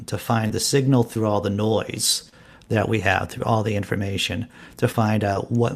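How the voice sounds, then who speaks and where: A man co-hosting a casual live-stream chat, telling rambling stories with frequent restarts. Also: on the low side. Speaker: co-host.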